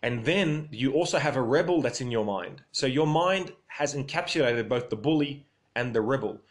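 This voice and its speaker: An Australian man talks casually into his phone on a livestream. He rambles from one point to the next and reads out viewer comments as they come in. His voice sits in an ordinary middle pitch for a man. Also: expressive, moderate pace.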